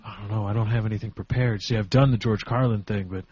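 A man's voice: lowish voice, fairly even intonation, fast, darkish tone, dull audio. A man in his twenties co-hosting a podcast, chatting casually, hesitant and self-deprecating. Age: 20s. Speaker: podcast co-host. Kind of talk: casual chat.

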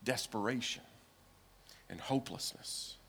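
A pastor preaching a sermon, retelling a story with acted dialogue, swinging between hushed, low lines and loud, urgent ones. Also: male voice, a little slow, creaky, slight background noise. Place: church sanctuary.

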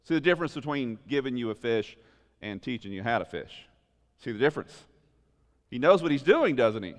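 A male pastor preaching an animated sermon, full of rhetorical questions, swinging between loud emphasis and quiet asides. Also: mid-range voice, fairly quick, big-room sound.

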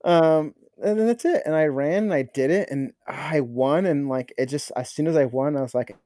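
A young man, a podcast guest, telling crude, animated stories in casual chat, swearing and stumbling over fillers. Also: fairly high pitch, normal speed, dry recording, studio quality.

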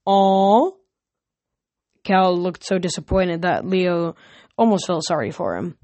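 Woman reading a novel aloud, casual, self-correcting, lowish voice, dry close sound. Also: lively intonation, normal speed, a little mellow, no room sound. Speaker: reader.

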